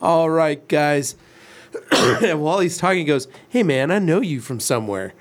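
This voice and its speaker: A man in his forties co-hosts a relaxed studio livestream, his voice sitting a touch high. He rambles into long anecdotes with loose, conversational pacing. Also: normal speed. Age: 40s. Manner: storytelling, rambling. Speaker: co-host. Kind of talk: casual livestream chat.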